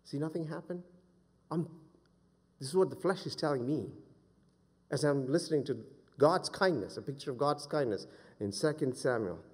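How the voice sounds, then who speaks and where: A man in his forties preaching a sermon as a pastor, moving between loud fervent exhortation and quiet personal storytelling. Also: on the high side, normal speed, pauses often, breathy edge. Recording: long hall reverb.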